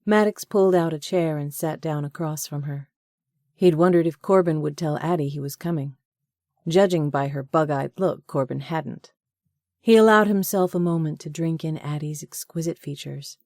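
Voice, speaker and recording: A woman narrating a romance audiobook in a measured, even storytelling manner. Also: low-pitched, dry recording, clean studio sound. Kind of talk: scripted narration.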